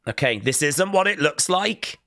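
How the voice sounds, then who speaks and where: A man streaming a wrestling watch-along, giving excitable live reaction commentary and talking back at the screen. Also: on the high side, normal speed.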